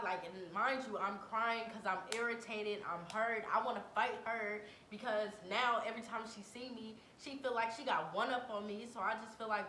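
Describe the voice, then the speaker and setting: A young adult woman telling a personal story to camera in a dramatic, animated way, full of slang. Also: normal speed, hardly any pauses. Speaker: vlogger. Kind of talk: storytime vlog. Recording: echoey room, faint rumble.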